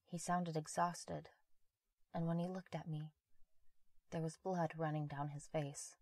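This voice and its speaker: Low-voiced woman narrating a horror story. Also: flat delivery, unhurried, pauses often, darkish tone, no echo.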